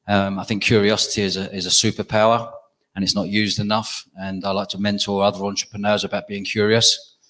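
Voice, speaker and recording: A man's voice: fairly low pitch, level tone, a little fast, a bit bright, rough recording. A middle-aged man, an entrepreneur, answering panel questions emphatically, repeating key phrases.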